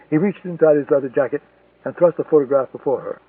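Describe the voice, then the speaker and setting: A man narrating a thriller audiobook in a steady, measured storytelling manner. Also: on the high side, slightly rough, no room sound. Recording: tinny, distant, dry lo-fi recording.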